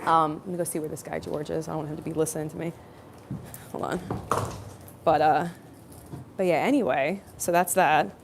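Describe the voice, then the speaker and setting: A woman's voice: low voice, steady tone, normal speed, vocal fry, long pauses, noisy background. A young woman, a plumbing apprentice, chatting casually to her phone on a work break, rambling through a story with lots of fillers and restarts. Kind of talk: casual live-stream storytelling.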